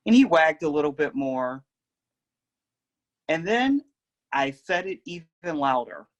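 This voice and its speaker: A young man telling a personal story in a gentle, reflective, unhurried way. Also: on the high side, highs cut off. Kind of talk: personal oral history storytelling.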